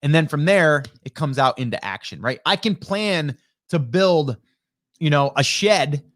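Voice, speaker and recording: Man, middle-aged, somewhat high voice, casual live stream host, chatty, rambling, upbeat, close studio mic. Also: lively intonation, a little slow, a bit bright. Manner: chatty, rambling, upbeat, greets viewers by name. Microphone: broadcast dynamic studio mic.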